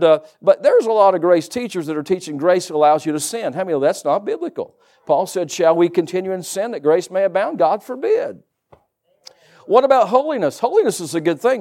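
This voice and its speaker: A man's voice: high-pitched, darkish tone. A middle-aged man preaching a sermon as pastor, folksy and joking asides to the congregation.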